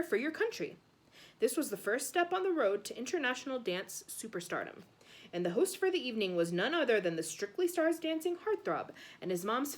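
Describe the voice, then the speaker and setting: A woman reading a children's book aloud in an expressive, animated way. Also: medium pitch. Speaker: storyteller.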